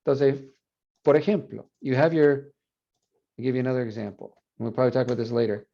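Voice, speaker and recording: A male Spanish professor giving an animated university lecture, repeating example words aloud to demonstrate. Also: medium pitch, quick pace, creaky. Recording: dull lo-fi classroom recording.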